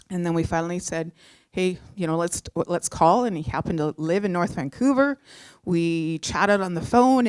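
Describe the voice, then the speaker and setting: A middle-aged woman recounts a personal story in an animated, chatty way, full of little fillers and restarts. Her voice sits at an ordinary middle pitch, and the sound is dry and close with no room echo. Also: smooth. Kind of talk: personal storytelling on a live show.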